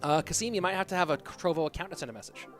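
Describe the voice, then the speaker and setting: A man with a slightly high voice calls a live esports match, chatty and excitable. He jumps between the plays and shout-outs to chat. Music plays clearly underneath him. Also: racing. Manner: chatty, excitable, thanks viewers by name. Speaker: esports caster and streamer. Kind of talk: live game commentary mixed with chat reading. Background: background music.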